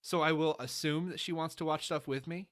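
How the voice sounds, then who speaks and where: Bright-voiced man, emphatic podcast co-host. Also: on the high side, steady tone, fairly quick. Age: adult, married. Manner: long-winded, laying out rules with emphasis. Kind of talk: casual chat.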